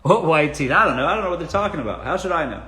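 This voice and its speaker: A man with a Southern drawl hosts a relaxed live Q&A from home. His advice comes out blunt and salty, full of swearing and teasing. The room around him rings with a noticeable echo. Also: a little high, racing. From South Carolina. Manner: blunt, profane, joking. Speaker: live-stream host answering dating questions. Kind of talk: casual live-stream Q&A.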